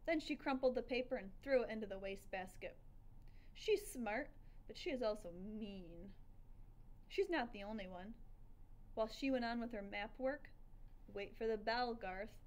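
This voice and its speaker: A woman narrating a children's storybook aloud in the first person, with lively, expressive storytelling. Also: a little high, moderate pace, pauses often. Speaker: audiobook reader.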